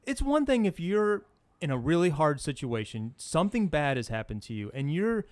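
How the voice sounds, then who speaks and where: A middle-aged man co-hosting a podcast in casual chat, rambling through an animated story with plenty of fillers. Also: a little high, normal speed, dry recording. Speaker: podcast co-host.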